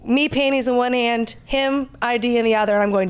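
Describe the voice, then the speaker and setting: Animated young woman telling a story. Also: fairly high pitch, brisk, smooth. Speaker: podcast co-host. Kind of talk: casual chat.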